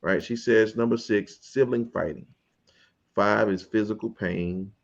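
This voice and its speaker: Man, gravelly, low, laid-back host, casual panel talk, muffled lo-fi sound. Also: steady tone, measured pace. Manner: laid-back, chuckling, steering the discussion.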